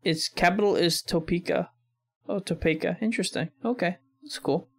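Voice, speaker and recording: American male reactor, slightly high gravelly voice, rambling musing commentary. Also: moderate pace. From United States. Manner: musing aloud, chuckling often, thinking out loud with fillers. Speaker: reaction video host.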